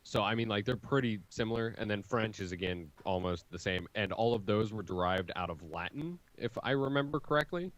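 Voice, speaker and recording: A man's voice: fairly low pitch, animated, a little fast, hardly any pauses, no echo, lo-fi sound. An American man in casual podcast chat, rambling as he explains things at length.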